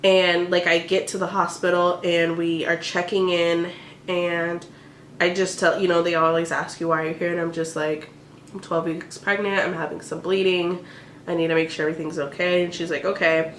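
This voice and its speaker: Young woman vlogger, slightly low voice, chatty and emotional, roomy echo, faint hiss. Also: little pitch movement, normal speed. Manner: emotional, tearful at times, many "like" fillers. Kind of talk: casual storytelling vlog.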